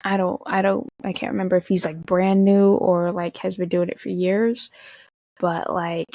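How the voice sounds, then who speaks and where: A young woman from the Tacoma area telling an animated storytime, swearing and acting out quotes. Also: on the low side, normal speed, no room sound. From Tacoma area, USA. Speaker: vlogger. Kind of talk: casual storytime.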